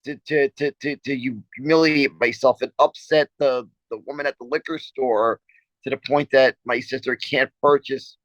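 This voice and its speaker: A man's voice: medium pitch, fairly even intonation, a bit bright, no room sound, low-quality recording. Rambling, laughing podcast co-host man. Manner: rambling, halting storytelling with many repeated words; laughs often while talking. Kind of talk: casual chat.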